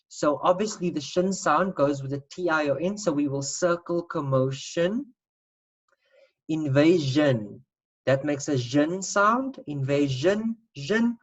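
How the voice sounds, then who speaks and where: Low-voiced woman teacher going over spelling sounds, patient, kinda dull lo-fi audio. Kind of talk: online spelling lesson.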